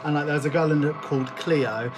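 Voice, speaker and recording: A woman's voice: sits low, quick pace, noisy background. A young woman, chatting casually in a vlog while making cash envelopes, giggly and joking as she rambles. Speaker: budgeting vlogger. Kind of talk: casual chat while doing a craft task.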